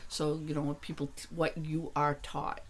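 In a casual conversation, this woman from New Hampshire, a guest who writes and does energy work, discusses her spiritual practice. She's blunt, emphatic, and profane, getting heated and insistent, her low voice level at a normal speed against background noise.

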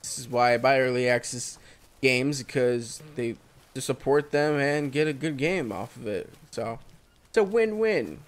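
A man's voice: medium pitch, lively intonation, a little slow. A man giving casual solo commentary over a survival game, exclaiming at surprises. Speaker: gameplay commentator.

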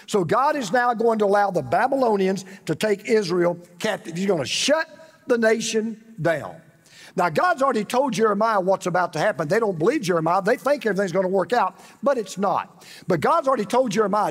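A man preaching a sermon as pastor, animated and repetitive, with dramatic pauses. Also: sits high. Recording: reverberant hall.

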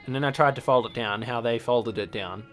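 A young man in casual let's play commentary, swearing a lot and bursting into yells at enemies. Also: medium pitch, fairly quick. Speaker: gaming channel host. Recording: faint game music behind.

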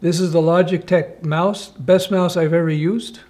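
A man's voice: on the high side, steady tone, unhurried, a little mellow. A man hosting a casual live-stream Q&A, reading chat questions aloud and answering with wry asides from his home office.

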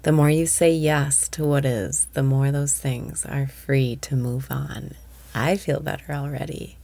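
A woman's voice: extremely low pitch, steady tone, unhurried, gravelly, warm tone, dry recording. A woman guiding a meditation, giving half-whispered breathing cues and speaking with blunt, profane, self-deprecating candor. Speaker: meditation guide. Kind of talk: guided meditation.

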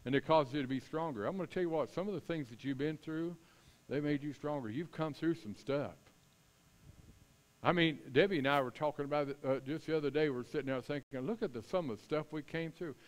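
A middle-aged pastor delivers a sermon, first chatting with the congregation and then reading scripture loudly and emphatically. His voice is fairly high pitched and his delivery brisk.

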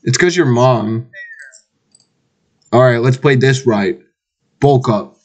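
A man with a medium-pitched, slightly mellow voice speaks slowly over voice chat while gaming online, casually teasing his friends and trash-talking them in a playful way.

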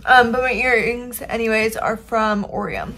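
A woman's voice: a little high, normal speed, sharp tone, a little hiss or hum. A young woman chatting casually in a vlog, upbeat and full of "like" and "um". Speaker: vlogger.

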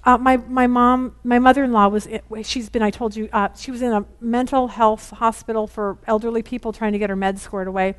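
Brief: middle-aged woman, Bible study teacher, fairly high voice, chatty and candid, rushed. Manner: chatty and candid, rushing against the clock; acts out family conversations in lively quoted voices. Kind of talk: informal Bible lesson.

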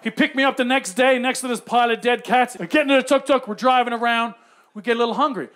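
A middle-aged man telling a stand-up comedy story with animated, punchy delivery. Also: extremely high pitch, fast talker, background noise.

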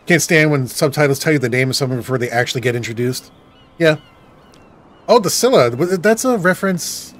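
A man's voice: on the high side, expressive, brisk. A man giving chatty, joking let's-play commentary while thinking aloud. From Boston. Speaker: gamer.

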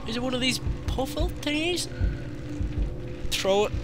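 A man giving casual gameplay commentary, excitable and foul-mouthed, cooing at the game's creatures and yelping at sudden scares. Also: extremely high pitch, a little slow. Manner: excitable, swears freely, baby-talks to game creatures, sudden yelps. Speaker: gaming channel host. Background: game music.

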